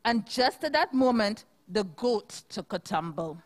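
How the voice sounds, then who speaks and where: A woman reading a rhyming picture book aloud to children at a church service, in a slow sing-song manner, pausing to ask them questions. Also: mid-range voice, very animated.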